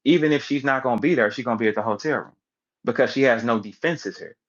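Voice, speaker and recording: A man's voice: medium pitch, fast talker, highs cut off. A man giving a casual, emphatic rant as a commentator, repeating words and acting out the people he quotes. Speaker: battle rap commentator.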